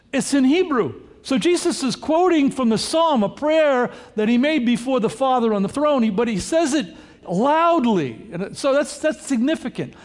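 Male pastor, very high voice, emphatic verse-by-verse sermon delivery. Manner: explanatory, emphatic, rises to loud cries on quoted words. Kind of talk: sermon with running scripture commentary.

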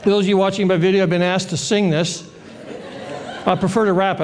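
A man preaching a sermon, animated and joking, acting out the voices of the people in the story. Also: high voice, a little fast, long pauses, a faint crowd, slight background noise. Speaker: pastor.

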